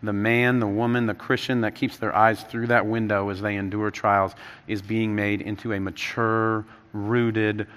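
A man in his thirties preaches in a storytelling way, his voice climbing and louder when excited and sinking soft and low for serious points. His tone is bright and forward. The sound carries the long tail of a large church hall. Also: a little slow, smooth. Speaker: pastor. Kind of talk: sermon.

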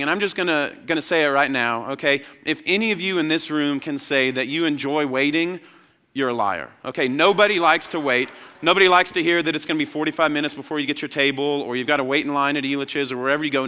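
A young man preaching a sermon as pastor, telling stories with lively energy and acting out childhood voices. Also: on the high side, fast talker, smooth. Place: large church hall. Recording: long hall reverb.

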